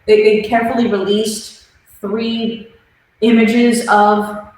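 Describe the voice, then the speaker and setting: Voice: medium pitch, level tone, takes it slowly. A co-host in a casual chat who mostly chimes in with short agreements and questions. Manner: brief interjections and questions. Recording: very echoey room with faint noise.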